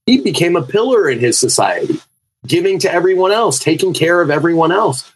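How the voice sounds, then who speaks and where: A man's voice: on the high side, lively intonation, fairly quick, husky, poor audio. A man co-hosting a freewheeling spiritual conversation who tells stories with animation and acts out the people in them. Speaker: podcast co-host.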